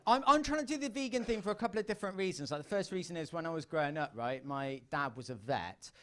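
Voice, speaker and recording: A young man doing a stand-up routine on a comedy club stage, rambling and self-deprecating with quick asides to the crowd. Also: a little high, animated, a bit bright. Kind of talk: stand-up routine to a live audience.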